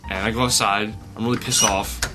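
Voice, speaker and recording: A young man rambling excitedly through a comedy skit, his voice climbing into shouts as he gets carried away. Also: fairly low pitch, a little fast, music in the background. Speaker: comedy sketch performer.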